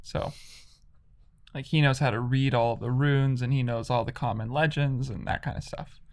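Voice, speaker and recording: A man's voice: medium pitch, fairly even intonation, moderate pace. A man casually retelling a video game's story, rambling with lots of "like".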